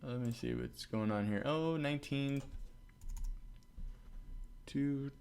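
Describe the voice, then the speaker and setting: A man walks through a casual coding tutorial in a smooth, mid-range voice at a slow pace. He mutters to himself as he goes, then bursts into loud excitement and laughter when things work.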